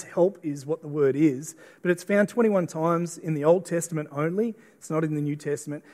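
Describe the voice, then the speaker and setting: Earnest and often repeating or restarting his words, a middle-aged Australian pastor preaches in a church auditorium. His voice is fairly high and mellow, and the recording carries a church hall's long reverb.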